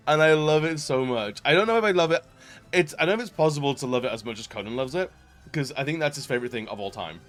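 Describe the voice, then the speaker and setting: A man's voice: on the high side, expressive, fast talker, faint music behind. A man chatting casually on a live stream as a variety streamer, greeting viewers with frequent fillers. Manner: chatty, laughing, greets chat warmly, many fillers.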